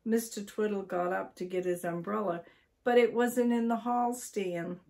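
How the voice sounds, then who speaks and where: An older woman from Maine reading a children's story aloud in a slow, deliberate way. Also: medium pitch, steady tone, creaky, a little mellow.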